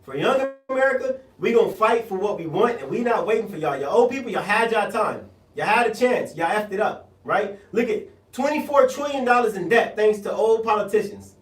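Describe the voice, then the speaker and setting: A man's voice: high-pitched, expressive, fairly quick, roomy sound, distant mic, rough recording. A man from South Central Los Angeles with a Los Angeles accent, hosting a radio show and ranting bluntly in slang. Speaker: radio show host, political candidate. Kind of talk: animated monologue.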